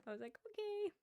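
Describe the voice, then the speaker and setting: A woman streaming and chatting as she plays, her talk loose and rambling. Her voice carries a steady gravelly fry at a middle pitch. She speaks into wired earbuds, with a faint hiss underneath. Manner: rambling, chatty storytelling with frequent laughs. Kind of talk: casual chat while gaming. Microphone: wired earbuds with a headset mic.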